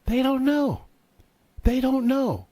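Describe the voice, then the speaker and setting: A man's voice: extremely high pitch, expressive, takes it slowly, warm tone, no echo, voice pushed up, full character voice. A man doing a smug, bragging congressman. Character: clueless, boastful male congressman.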